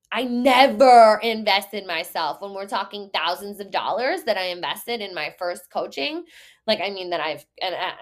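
A woman talks through her own story on her podcast in a loose, casual monologue. She is candid and emotional, swears freely and laughs often between her thoughts. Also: medium pitch. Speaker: podcast host and business coach.

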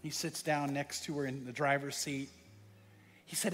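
A man's voice: mid-range voice, fairly even intonation, moderate pace, long pauses, fairly bright tone. A man preaching a sermon, telling a story earnestly and speaking straight to his congregation. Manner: earnest storyteller who addresses the congregation directly. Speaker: pastor. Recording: long hall reverb.

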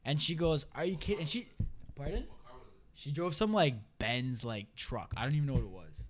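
A young man, a podcast guest telling a profane, animated story and quoting friends in put-on voices. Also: on the high side, normal speed. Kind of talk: casual storytelling chat.

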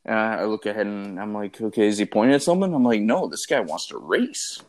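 A man's voice: lowish voice, animated, quick pace, darkish tone. A man in casual chat, telling a story at an easy pace with fillers.

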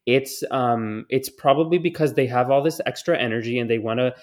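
A man's voice: medium pitch, brisk, a little mellow. A young man co-hosting a podcast from home over a remote call, chatting casually in a dry, sarcastic way. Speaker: podcast co-host. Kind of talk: casual chat.

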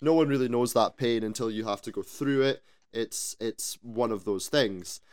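A man co-hosting a podcast in casual chat, animated, swearing freely and asking rhetorical questions. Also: medium pitch, moderate pace, smooth. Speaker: podcast co-host.

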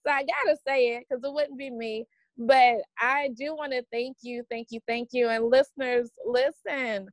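A woman in her forties speaks with a Southern US accent, her voice sitting fairly high. She guests on a podcast in an upbeat, motivational way and calls people "honey." The recording is close and dry. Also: steady tone, a little slow, no echo, poor audio. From American South. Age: 40s. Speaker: podcast guest, business coach. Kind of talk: conversational interview.

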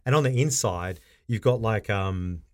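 A man's voice: lowish voice, moderate pace. Aussie guy on a podcast, chatty, laughs a lot, does little voices for the quotes. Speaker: podcast co-host. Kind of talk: casual chat.

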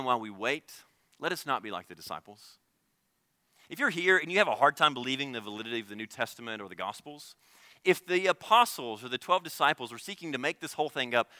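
A man preaching a sermon as pastor, earnest, swinging between loud emphasis and hushed, quiet lines. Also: medium pitch, very animated, fast talker, no echo.

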